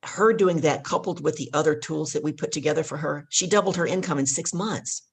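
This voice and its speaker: A woman's voice: deep voice, brisk, gravelly, breathy edge. A woman guest and leadership coach in an interview, telling stories with emphatic, teaching delivery. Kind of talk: casual interview talk.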